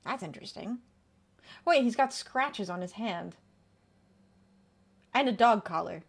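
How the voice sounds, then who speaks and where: A woman's voice: mid-range voice, expressive, measured pace, gravelly, husky. A woman streamer chatting playfully through a video game, reading its text aloud and reacting to it. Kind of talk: casual gameplay commentary.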